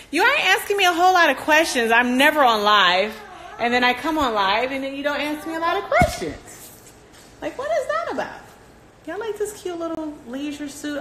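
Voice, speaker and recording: A woman's voice: on the high side, pushed and bright, a little hiss or hum. A woman chatting on a livestream from home while soothing her teething baby, cooing and baby-talking between answers. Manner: playful, coos and baby-talks to her fussy infant. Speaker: mother doing a livestream. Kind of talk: casual livestream chat.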